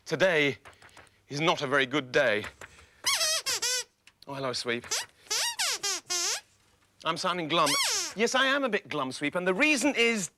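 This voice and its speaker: A man presenting a children's TV show, playful and expressive as he talks to puppets. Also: a little high, a little slow, pauses often, background noise.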